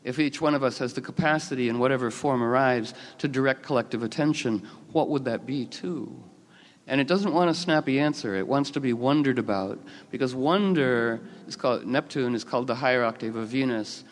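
A man telling rambling, expressive stories, with many fillers and restarts. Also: medium pitch, brisk. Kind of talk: casual storytelling talk. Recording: long hall reverb.

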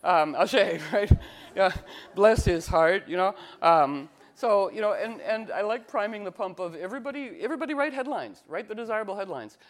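Rambling animated man with fillers. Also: fairly quick. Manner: acts out quoted voices with sudden jumps in pitch. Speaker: astrology teacher. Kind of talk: casual talk to a group.

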